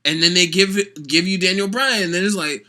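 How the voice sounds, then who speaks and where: A vlogger giving a sarcastic, opinionated rant about pro wrestling, talking with animated, mocking energy. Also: medium pitch, brisk. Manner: sarcastic, animated, mocks fans with put-on voices. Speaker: wrestling commentator.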